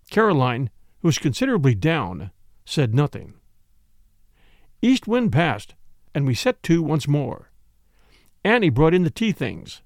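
A male audiobook reader narrating a mystery novel in a measured, expressive way. His voice is slightly raised and moves through a very wide pitch range. The sound is close and dry. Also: no echo.

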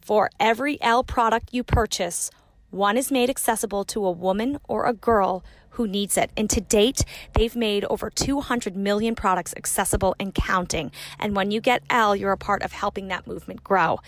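A woman's voice: medium pitch, normal speed, no room sound. Upbeat woman reading an ad, dry. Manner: upbeat, earnest. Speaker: podcast host reading sponsor ad. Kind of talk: read sponsor message.

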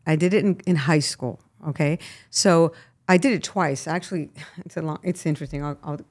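A middle-aged woman from Miami, a guest actress, chatting casually in an interview and telling animated stories with frequent laughs. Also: low voice, a little fast. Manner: animated storyteller, laughs often, lively asides.

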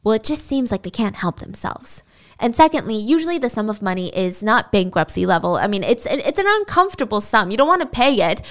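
A woman's voice: a little high, clear, resonant tone. A woman podcast host telling a story in a chatty, casual way. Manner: chatty, laughs while telling.

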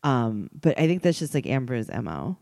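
Low-voiced woman cracking blunt jokes. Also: very animated, moderate pace, vocal fry, a little mellow, no echo, studio quality. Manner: blunt, joking, profane. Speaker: podcast co-host. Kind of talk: casual chat about reality TV.

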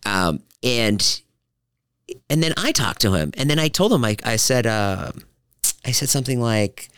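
A man hosting a podcast, telling stories in casual chat and acting out quotes in high voices. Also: moderate pace, clean tone, dry recording, clean studio sound. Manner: animated storyteller, acts out quotes in high voices. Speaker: podcast host.

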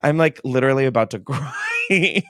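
A man's voice: medium pitch, expressive, moderate pace, bright, forceful tone, no echo, studio quality. A man hosting a casual podcast from his basement, emotional, giggly and casually swearing. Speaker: podcast host.

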